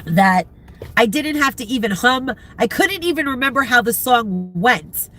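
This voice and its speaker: A middle-aged, congested woman chatting casually with viewers from inside a car, rambling and pausing to recall names. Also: on the high side, lively intonation, a bit bright. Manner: rambling, chatty, searching for names, frequent laughs. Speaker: vlogger chatting with live viewers. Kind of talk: casual chat.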